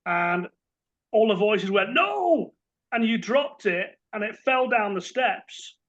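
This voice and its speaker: A middle-aged English man with an English accent, a guest telling animated stories and acting out the voices of the people in them. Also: high-pitched, takes it slowly, dull audio. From England. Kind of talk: casual storytelling.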